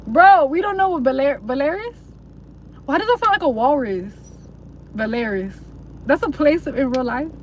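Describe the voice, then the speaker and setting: A woman's voice: sits high, animated, normal speed, long pauses, muffled recording, a little hiss or hum. A young woman live streaming, chatting casually to her viewers in a rambling, slangy way with plenty of swearing. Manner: rambling, slangy and profane, mocking voices. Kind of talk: casual livestream chat to viewers.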